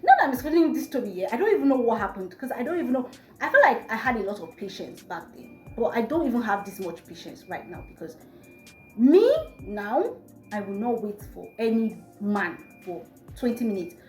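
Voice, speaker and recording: Animated Nigerian woman telling a story. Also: fairly high pitch, brisk. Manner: animated, exasperated, exclamatory. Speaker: vlogger. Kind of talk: storytime vlog. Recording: echoey room, faint music.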